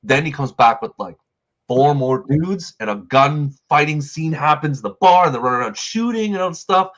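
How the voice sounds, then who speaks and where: A man's voice: a little high, lively intonation, moderate pace, a bit bright, highs cut off. A man hosting a review show, rambling through a casual film recap full of "like" fillers. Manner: rambling, filler-heavy retelling with lots of "like". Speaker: movie review show host.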